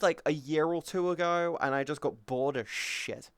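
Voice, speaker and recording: A man chatting casually on a live stream, swearing freely, reading viewers' messages aloud and softly comforting them. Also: a little high, normal speed, clear, resonant tone, dry recording. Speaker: VTuber streamer.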